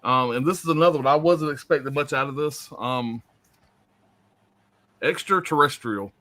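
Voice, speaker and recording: A man's voice: mid-range voice, normal speed, bright, forceful tone. A man co-hosting a casual movie podcast, swearing casually as he talks. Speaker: podcast co-host.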